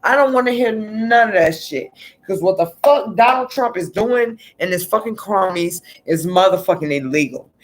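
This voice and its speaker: A woman's voice: medium pitch, expressive, normal speed. A woman giving a heated, profane rant on politics, repeating words for emphasis. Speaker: political commentator. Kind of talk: ranting political commentary.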